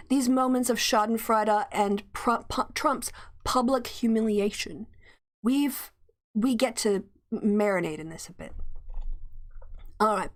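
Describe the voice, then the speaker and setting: Gleeful chatty woman host. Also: fairly high pitch. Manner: gleeful, laughing often, chatty asides. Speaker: livestream host. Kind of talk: casual commentary, reading news aloud.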